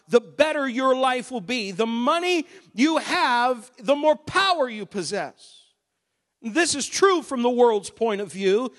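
A male pastor preaching a sermon, swelling from steady talk into loud, emphatic passages. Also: very high-pitched, big-room sound.

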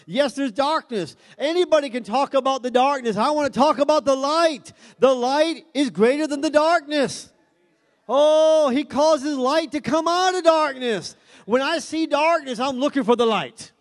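High-voiced preacher in a reverberant hall. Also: male voice, measured pace. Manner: preaching with call-and-response and rising intensity. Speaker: pastor. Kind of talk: sermon.

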